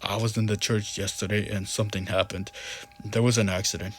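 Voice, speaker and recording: A man's voice: lowish voice, level tone, a little fast, a little hiss or hum, lightly acted. Man voicing a nervous, faltering man. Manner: faltering, hesitant. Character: nervous, apologetic man confessing a mistake.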